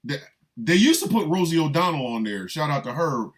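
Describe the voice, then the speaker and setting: A man's voice: a little high, big pitch swings, brisk. A man delivering a comic monologue, riffing with repeated lines and mock-incredulous asides. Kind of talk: comedic monologue.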